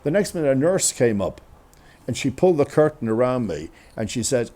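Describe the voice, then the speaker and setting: A man telling a funny personal story in an animated, self-mocking way. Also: medium pitch, fairly quick. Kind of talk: comic storytelling.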